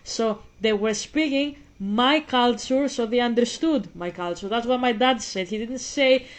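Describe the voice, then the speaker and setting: Emphatic woman, slightly high voice. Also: a little slow. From Greece. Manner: emphatic and argumentative, addresses a critic directly. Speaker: vlogger. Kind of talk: casual ranting monologue to camera.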